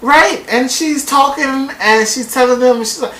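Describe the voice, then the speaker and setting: A woman recapping a reality TV episode in a casual vlog, profane and animated, acting out quotes in exaggerated voices. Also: sits high, moderate pace. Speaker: TV show reviewer. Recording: roomy echo.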